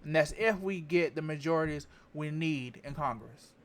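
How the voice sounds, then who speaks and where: A man's voice: a little high, normal speed. A man giving candid political commentary to camera, rambling, repeating phrases and stopping to check his facts. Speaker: vlogger.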